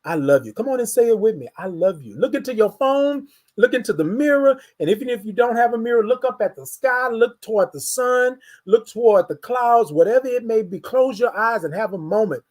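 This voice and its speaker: A man's voice: high voice, animated, fairly quick, darkish tone. A man hosting a motivational morning show, talking in a repetitive, preacher-like, encouraging way. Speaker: host.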